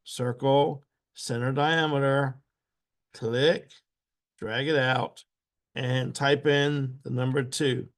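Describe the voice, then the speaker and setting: Slow, patient male drafting instructor. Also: mid-range voice, fairly even intonation. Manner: patient, repeats steps aloud. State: clearing his throat often. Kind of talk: step-by-step software tutorial.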